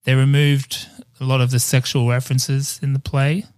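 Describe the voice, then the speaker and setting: A man's voice: mid-range voice, level tone, moderate pace, a little mellow, clean tone, no echo, clean studio sound. A man hosting a casual podcast chat, laughing often and filling with ums. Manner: chatty, laughs often, fillers. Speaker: podcast host. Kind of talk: casual chat, research recap.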